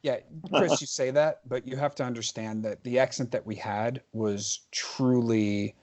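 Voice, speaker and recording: A man's voice: mid-range voice, steady tone, measured pace, a little mellow. A man in his forties from New Jersey, a podcast guest telling emphatic stories in casual chat, often restarting his sentences.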